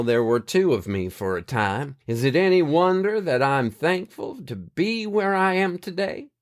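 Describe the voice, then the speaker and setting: A man's voice: mid-range voice, natural voice. A man playing a cheerful, folksy host of a space radio show in an audio drama, chatty and sentimental.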